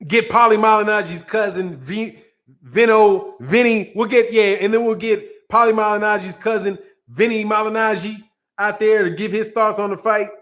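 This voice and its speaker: High-voiced man ranting about boxing. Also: steady tone, normal speed, a bit bright. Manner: rambling, repeats words, laughs often; sarcastic, mocking. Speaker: boxing channel host. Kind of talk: casual boxing rant.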